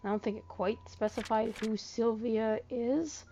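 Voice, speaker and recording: Sleepy gravelly-voiced woman gamer. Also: a little high, fairly even intonation, mellow, a little hiss or hum. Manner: thinks aloud, unhurried, reads with a measured tone. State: sleepy, yawning. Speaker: let's play gamer. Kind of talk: casual gameplay commentary, reading in-game letters aloud.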